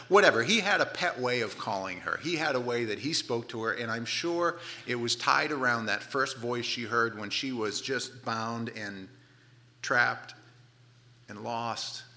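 A middle-aged man preaching a sermon, telling the story with playful asides and dropping to soft, hushed tones for tender moments. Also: on the low side, vocal fry. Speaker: pastor.

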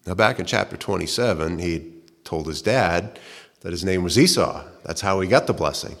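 Low-voiced preacher in a reverberant hall. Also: male voice, expressive, normal speed, vocal fry. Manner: conversational, acts out voices of scripture figures. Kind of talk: sermon.

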